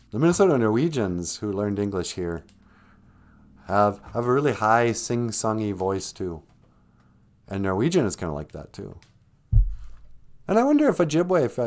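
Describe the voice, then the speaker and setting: A man's voice: lowish voice, darkish tone. A man hosting a live-stream podcast, chatting casually in a rambling way and laughing often. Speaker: podcast host.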